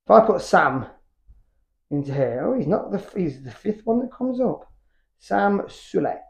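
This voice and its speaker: High-voiced British gym vlogger. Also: male voice, very animated, unhurried, creaky, slight background noise. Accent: British English. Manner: candid, rambling, swears freely. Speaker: fitness YouTuber. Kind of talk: casual chat between workout sets. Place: home gym.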